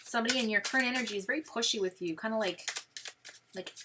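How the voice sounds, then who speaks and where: A woman's voice: fairly high pitch, fast talker, noisy background. A woman with a Brooklyn accent giving a chatty live-stream tarot reading, talking straight to the viewer with plenty of fillers. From New York. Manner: chatty, animated, lots of fillers. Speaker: tarot reader.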